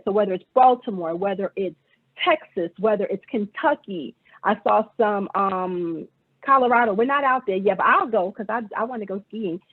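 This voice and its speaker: A woman presenter from a bank giving friendly, professional closing remarks on a webinar, a little halting. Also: fairly high pitch, husky. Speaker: bank vice president presenter. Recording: tinny phone-like call audio.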